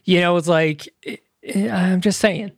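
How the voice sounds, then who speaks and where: A man's voice: high voice, steady tone, a little slow, dry recording, studio quality. A man co-hosting a movie review podcast, talking loosely with many fillers and restarts. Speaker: podcast co-host. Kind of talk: casual movie review chat.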